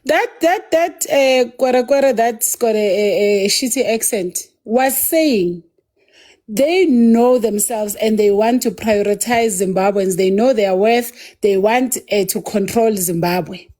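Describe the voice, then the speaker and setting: A South African woman speaks forcefully as an activist in a heated online discussion. Her voice sits fairly high but has a mellow, darker color. She moves between English and isiZulu. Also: slow.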